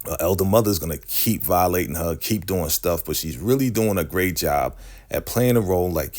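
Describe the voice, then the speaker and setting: Deep-voiced man casually recapping. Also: animated, normal speed, darkish tone. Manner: slangy, chatty storytelling with many asides. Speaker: recap show host. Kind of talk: casual episode recap commentary.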